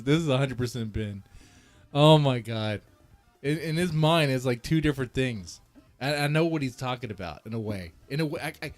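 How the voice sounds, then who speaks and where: A male commentary streamer talks in a casual, rambling way and keeps circling back on his own sentences. His delivery is mocking, and his pitch swings widely as he goes. Faint music plays underneath. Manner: mocking, rambling with many restarts.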